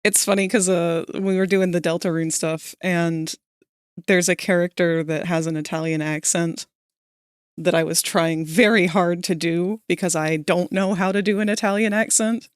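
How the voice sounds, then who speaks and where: A young woman streaming live while drawing, chatting casually with her viewers, sleepy but breaking into animated, laughing bursts. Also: fairly low pitch, normal speed, clear, resonant tone, no echo, clean studio sound.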